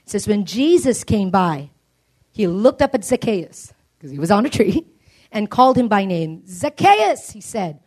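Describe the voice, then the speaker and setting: A woman's voice: medium pitch, very animated, moderate pace, darkish tone. A woman preaching a sermon, earnest and emphatic, building up through repeated appeals.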